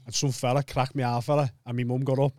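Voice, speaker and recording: A man's voice: mid-range voice, little pitch movement, quick pace, darkish tone, no room sound. A man telling blunt, sweary stories in casual chat.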